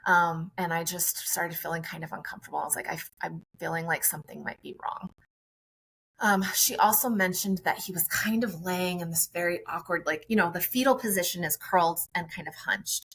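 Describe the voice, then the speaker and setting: A woman's voice: fairly low pitch, a little fast, hardly any pauses, a bit bright, husky, poor audio. A woman guest on a podcast, a friendly and chatty mother telling her own story in conversation.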